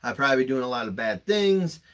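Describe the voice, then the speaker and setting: A man's voice: mid-range voice, lively intonation, fast talker. A young man hosting a podcast, telling personal stories in an emotional, emphatic way and swearing freely. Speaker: podcast host. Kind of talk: candid podcast storytelling.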